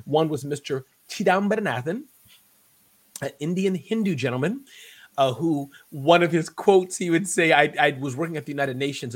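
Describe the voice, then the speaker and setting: A man's voice: on the high side, fairly bright tone. A man around fifty, a podcast guest talking animatedly in a casual interview, often repeating words as he builds a point. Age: 50s.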